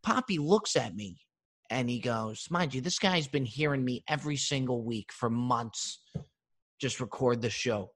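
Animated man telling comic stories. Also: medium pitch, unhurried. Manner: animated storytelling with profanity and mimicry. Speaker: podcast host. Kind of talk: comedic monologue. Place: living room with open windows.

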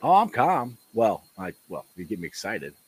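A man hosting a casual live-streamed sports podcast, laughing often and getting loud when excited. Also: fairly low pitch, moderate pace, a little hiss or hum, low-quality recording. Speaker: podcast host. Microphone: home desk mic.

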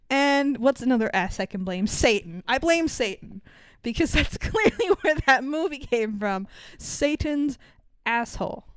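Sweary, animated woman podcast host. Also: sits high, no room sound. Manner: profane, animated storytelling with mock quotes. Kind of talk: casual chat.

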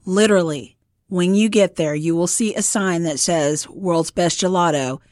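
A woman hosting a podcast interview with casual, encouraging comments. Her voice sits a little low, and the sound is close and dry. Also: moderate pace, a little mellow, no echo. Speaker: podcast host.

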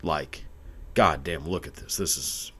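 Speaking into a camera mic, this young video commentator has a rumbling low voice that's unhurried, a bit bright, and slightly rough. His crude comedic rant wanders all over the place, full of profanity and frequent bursts of laughter.

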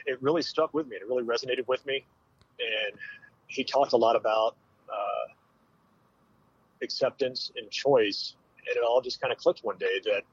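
A man in his forties, a military veteran, telling a hard personal story with candid, halting speech and many fillers. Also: medium pitch, slightly rough, no room sound, lo-fi sound. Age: 40s.

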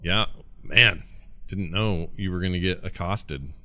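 A man's voice: sits low, unhurried, bright, forceful tone. A man chatting casually as co-host of a tabletop game show, laid-back in manner. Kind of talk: casual chat.

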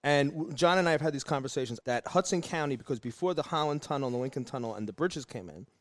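Man, podcast co-host, casual chat, lively storytelling, dry close sound. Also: medium pitch, fast, no room sound. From New Jersey.

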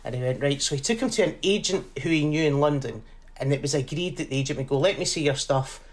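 A stand-up comedian telling a story in a relaxed chat. He is animated and laughs often as he tells it. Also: fairly high pitch, quick pace.

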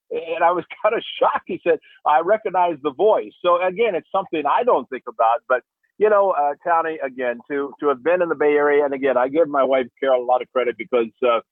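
A man's voice: mid-range voice, dry recording. Older man over a phone-like line. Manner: rambling, warm storytelling with restarts. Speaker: radio analyst and former player. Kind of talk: casual radio chat. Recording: dry, phone-like radio line.

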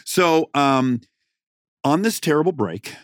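A man's voice: a little high, slow, dry recording, clean studio sound. A man hosting a podcast in casual chat, telling stories with animation. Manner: animated, storytelling. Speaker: podcast host.

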